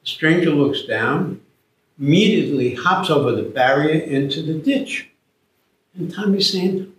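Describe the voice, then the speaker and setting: A man's voice: medium pitch, expressive, a little slow, a bit bright. A man giving a sermon, telling a story and acting out the voices of its characters. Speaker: preacher. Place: church. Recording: echoey church from far off.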